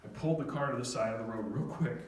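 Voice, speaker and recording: A man's voice: medium pitch, fast, slight background noise. A middle-aged man telling a heartfelt, self-deprecating family story to an audience, now and then near tears. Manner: heartfelt, self-deprecating, quoting his daughter. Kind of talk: storytelling talk. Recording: echoey hall, voice from far off.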